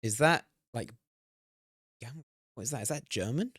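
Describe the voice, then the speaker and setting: A young man streaming a game, talking excitedly, swearing and laughing at himself. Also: medium pitch, moderate pace, husky, dry recording, studio quality. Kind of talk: live-stream gameplay commentary.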